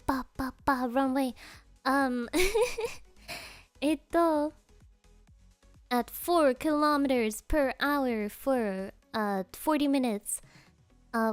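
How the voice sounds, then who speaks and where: High, slow, giggly woman streamer. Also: clean tone, dry recording. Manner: giggly, rambling, heavy fillers with Japanese interjections. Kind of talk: casual storytelling chat.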